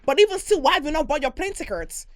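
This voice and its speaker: A woman co-hosting a podcast, telling stories in casual chat, animated and quick, swearing and laughing often. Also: high voice, slight background noise. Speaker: podcast co-host.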